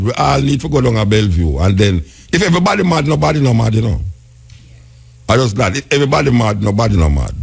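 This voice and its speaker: A man's voice: on the low side, big pitch swings, fast, vocal fry, a little mellow, breathy edge. A Jamaican man hosting a radio call-in show, commenting wryly and musing aloud. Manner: wry, musing, laughing commentary. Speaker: radio host.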